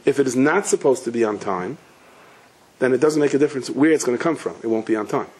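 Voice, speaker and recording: A middle-aged man with a husky voice, giving a sermon that runs on stories and humor. He keeps it conversational, asking his listeners questions and then answering them himself. His pitch sits in an ordinary male middle range. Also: lively intonation, fast, a little mellow. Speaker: rabbi giving a talk. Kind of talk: storytelling sermon.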